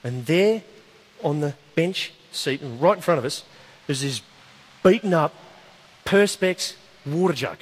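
A man's voice: on the high side, animated, slow pace, long pauses, slightly rough. A man preaching a sermon, telling a story in a conversational way with jokey asides. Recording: long hall reverb.

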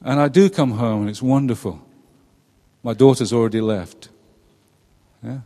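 A man's voice: mid-range voice, moderate pace, mellow, big-room sound. A middle-aged man preaching a conversational sermon, often turning questions to his listeners. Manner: chatty, asks the congregation questions, laughs at his own jokes. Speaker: pastor. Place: church.

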